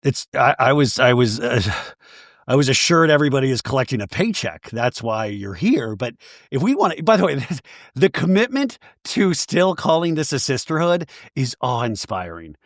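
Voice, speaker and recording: A man hosting a podcast, recapping a show in an animated, profane, joking way with frequent laughs. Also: mid-range voice, normal speed, no room sound, studio quality. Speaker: podcast host. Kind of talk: comedic episode recap.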